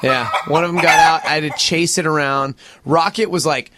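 A slightly hoarse man co-hosting a morning show, chatting and laughing often. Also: fairly high pitch, moderate pace, very noisy. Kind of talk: casual banter.

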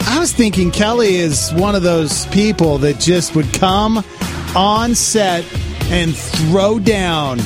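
A man hosting a morning radio show, playful and animated as he reads segments and banters. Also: high voice, takes it slowly, over music.

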